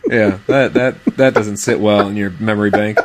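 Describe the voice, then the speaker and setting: A man co-hosting a casual podcast, telling an animated story and laughing as he talks. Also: fairly low pitch, moderate pace. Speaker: podcast co-host.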